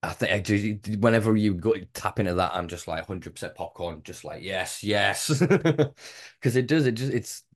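A man's voice: fairly low pitch, expressive, moderate pace, a little mellow. A man hosting a podcast, talking in long impassioned run-on rants and swearing freely. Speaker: podcast host. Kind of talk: casual podcast conversation.

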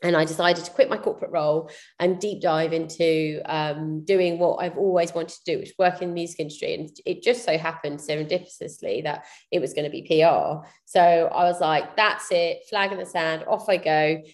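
A woman's voice: deep voice, fairly even intonation, fairly quick, hardly any pauses, a little mellow. A woman, a business founder talking candidly and reflectively in a casual interview, with many fillers and restarts. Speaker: podcast guest, PR business founder.

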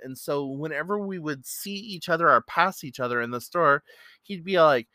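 A man's voice: fairly high pitch, animated, normal speed, sharp tone, dry recording. A man hosting his own podcast, telling a story in a rambling, earnest way with many fillers, close to the mic. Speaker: podcast host. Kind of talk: casual solo podcast storytelling.

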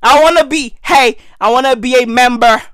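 A hoarse man losing his voice, delivering a loud, slangy comic rant that often breaks into shouting. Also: very high voice, moderate pace, no echo, studio quality.

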